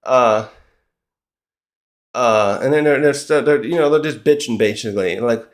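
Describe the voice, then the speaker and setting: A man's voice: medium pitch, moderate pace, long pauses. Rambling, chuckling man recapping a comic. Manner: rambling, with frequent restarts and chuckles. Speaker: manga reviewer. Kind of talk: casual chapter recap.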